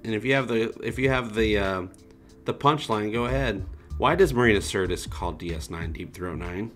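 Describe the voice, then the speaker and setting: A man's voice: lowish voice, normal speed, a bit bright, faint music behind. A man hosting a casual livestream, reading out viewer comments and joking around in a loose, rambling way. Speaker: livestream host.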